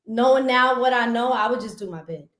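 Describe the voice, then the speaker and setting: Young woman guest, slightly high voice, animated storyteller, roomy echo. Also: fairly quick, a little hiss or hum. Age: young adult. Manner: animated, retelling prison routines. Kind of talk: casual interview talk.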